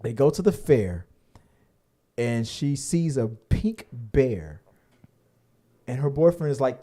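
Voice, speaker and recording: Picture a man co-hosting a podcast with a warm, mellow tone. He rambles loosely through casual chat at an everyday pitch, joking and dropping swear words as he goes. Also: expressive, normal speed. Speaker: podcast co-host.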